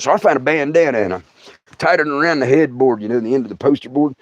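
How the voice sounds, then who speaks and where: A middle-aged man, a comedian and podcast host, telling a funny story to his audience on a livestream. He is animated and laughs through his own story. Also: mid-range voice, fast talker, no echo, highs cut off. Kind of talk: comic storytelling.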